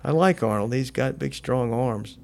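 A man's voice: mid-range voice, moderate pace, vocal fry. A middle-aged man co-hosting a podcast in casual chat, joking crudely and poking fun at himself. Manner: crude, self-mocking joking. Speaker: podcast co-host.

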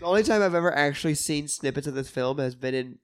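A man's voice: fairly high pitch, expressive, quick pace, clean tone. A man co-hosting a casual movie recap, blunt and given to wry asides. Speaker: podcast co-host.

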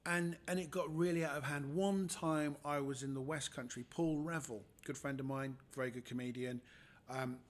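A man, a podcast guest telling funny personal stories in a lively way and acting out the people in them. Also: a little high, normal speed. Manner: animated storyteller, acts out the people in his stories. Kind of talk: casual anecdotal storytelling.

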